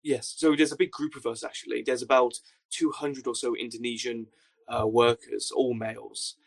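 A young man telling a story as a podcast guest, with dry, deadpan understatement. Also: medium pitch, normal speed, vocal fry. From Wales. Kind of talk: casual storytelling anecdote.

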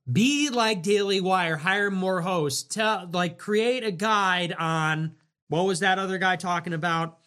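Bright-voiced sarcastic male streamer. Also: high-pitched, takes it slowly. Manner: sarcastic, rambling, swings between loud and muttered. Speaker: livestream host. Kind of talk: casual livestream talk reading viewer messages.

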